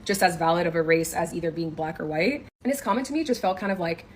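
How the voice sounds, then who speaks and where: A young woman from Senegal telling a story in a quick, exasperated vlog rant, full of "like" fillers. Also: fairly low pitch, a little hiss or hum. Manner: fast, exasperated, many "like" fillers.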